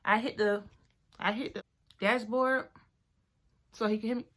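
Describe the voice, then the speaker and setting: A woman's voice: fairly high pitch, unhurried. Chatty young woman telling a story. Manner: animated, chatty, drops to near-whisper at times. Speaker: vlogger. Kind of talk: storytime while doing her hair.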